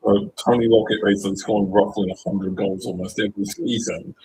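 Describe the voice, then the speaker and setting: A man's voice: on the low side, fairly even intonation, fairly quick, dark tone, slight background noise, low-quality recording. A young man co-hosting a casual sports livestream, rambling with lots of likes and ums. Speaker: livestream co-host.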